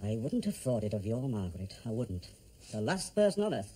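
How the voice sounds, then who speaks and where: A man's voice: on the low side, big pitch swings, brisk, dark tone. An actor playing a gossipy, grumbling older man in a television drama. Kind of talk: 1970s television drama acting.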